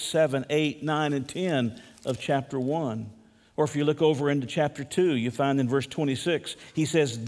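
A male pastor preaches in a steady teaching manner, moving from prayer to anecdotes to verse-by-verse study. His voice sits a little higher than most men's. The recording carries a long hall reverb. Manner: prayerful, then storytelling and teaching. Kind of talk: sermon.

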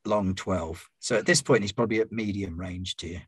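A man narrates a tabletop role-playing scene as game master, wry and unhurried. His voice sits low and slightly husky, recorded dry and close with no room sound. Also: no echo. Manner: descriptive, wry and relaxed.

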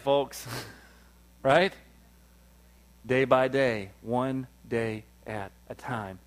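A male pastor, preaching a sermon, swinging from loud, high peaks down to low, quiet stretches and calling for "amen" from the room. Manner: call-and-response preaching, rises to loud peaks then drops low.

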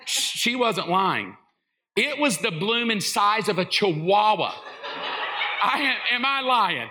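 A middle-aged male pastor telling funny stories in a sermon, animated and acting out quotes. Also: high-pitched, slow pace. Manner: animated, jokey, acts out quotes. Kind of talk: comedic sermon storytelling.

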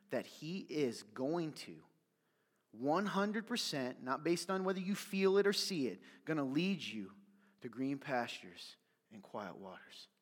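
A man preaching a sermon as pastor, fired up and yelling at times, then dropping to soft, confiding asides. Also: medium pitch, in a large hall.

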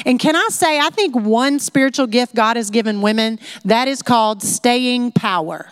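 A woman teaching a conversational Bible lesson in a chatty, animated way, full of "like" fillers. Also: on the high side, moderate pace, few pauses, no room sound, clean studio sound.

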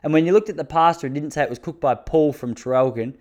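A man's voice: a little high, fast, darkish tone. A man in his thirties with an Australian accent, telling comic stories in a casual, crude, self-mocking way and laughing at his own jokes. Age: 30s. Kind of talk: casual comic storytelling monologue.

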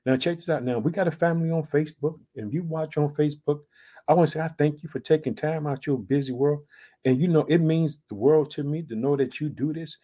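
A man preaching an online sermon with emphatic asides, swinging between loud and soft, drawing out key phrases slowly. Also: fairly high pitch. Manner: emphatic, repeats "guess what" and "check it out".

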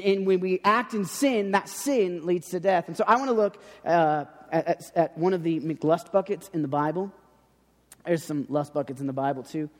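Male preacher, high voice, informal and rambling, hall reverb. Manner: chatty, repeats words and restarts, acts out quoted speech. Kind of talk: casual sermon.

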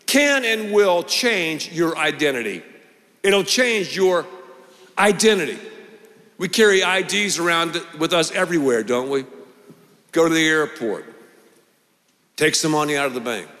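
A pastor preaching a sermon with animated, emphatic delivery and lots of repetition. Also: male voice, high-pitched, long reverb tail.

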